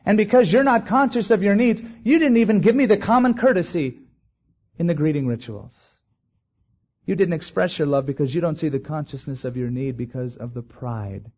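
Husky-voiced man preaching a sermon. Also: on the high side, animated, darkish tone. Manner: preaching with swells of emphasis and drawn-out words. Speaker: pastor. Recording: dull lo-fi recording.

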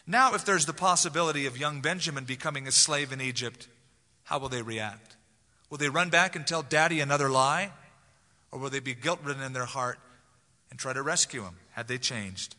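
A man's voice: medium pitch, fairly quick, bright, forceful tone. A male pastor preaching an expository sermon, storytelling animatedly with casual asides. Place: church sanctuary. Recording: reverberant church hall.

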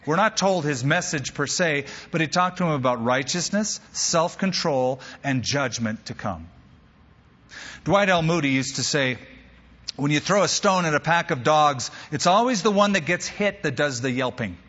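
A male pastor preaching a sermon, an animated storyteller who drops humorous asides. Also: a little high, normal speed, long reverb tail, lo-fi sound.

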